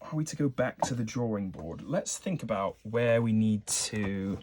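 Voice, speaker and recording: A man's voice: fairly low pitch, expressive, normal speed, noisy background. Rambling man narrating a solo game. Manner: rambling, self-correcting, joking asides. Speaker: solo board game player. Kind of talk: casual gameplay narration and read-aloud.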